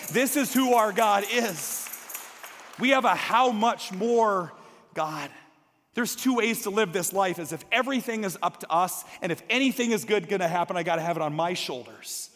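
A man in his thirties preaching a sermon with a fairly high voice, dropping to hushed near-whispers and then building to emphatic calls. His voice rings with the long reverb of a big hall. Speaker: pastor.

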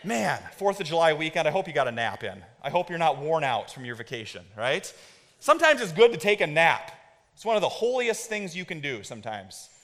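Pastor guy preaching, high voice, swings from quiet to loud, echoey church. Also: fairly quick. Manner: swings from hushed to loud, excited storytelling; asks the congregation to repeat words. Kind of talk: sermon. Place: church sanctuary. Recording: long hall reverb.

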